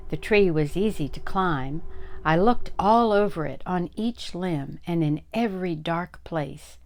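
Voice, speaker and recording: An older woman, a grandmother, reading a chapter book aloud slowly and deliberately. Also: deep voice, darkish tone, slight background noise. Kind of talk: storybook read-aloud.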